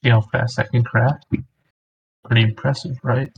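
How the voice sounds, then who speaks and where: A man's voice: medium pitch, little pitch movement, normal speed, vocal fry, husky, highs cut off. A man joking and teasing his friend in casual chat while they play a game together. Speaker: gamer.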